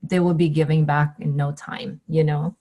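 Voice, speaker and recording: Brief: woman podcast host, lower voice, encouraging and warm in her responses. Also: flat delivery, moderate pace. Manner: encouraging, with frequent short affirmations. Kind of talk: casual podcast interview.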